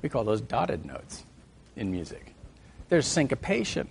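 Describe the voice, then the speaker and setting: A middle-aged man teaching a class on music and faith, lively and joking, breaking into sung and hummed examples. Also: medium pitch, unhurried, gravelly, breathy edge. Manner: animated, sings and hums examples, jokes with the class.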